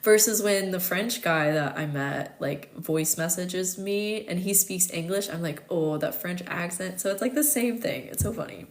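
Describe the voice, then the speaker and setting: Speaking at normal speed with hardly a pause, a young American woman hosts a relaxed astrology live chat. Her voice is on the low side, and her talk is giggly and full of fillers.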